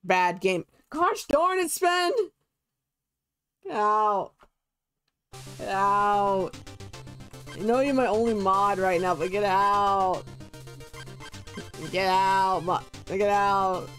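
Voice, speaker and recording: A man's voice: high-pitched, fairly even intonation, takes it slowly, pauses often, fairly bright tone, soft background music. Giggly young man on a game stream. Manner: bubbly, giggly, playful. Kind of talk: casual gaming stream chat.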